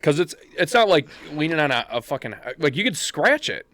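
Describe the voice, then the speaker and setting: A man's voice: fairly high pitch, big pitch swings, brisk, a bit bright, no echo. A man co-hosting a podcast, telling stories in casual chat with lots of swearing and heated outbursts. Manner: profane, heated storytelling. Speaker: podcast co-host.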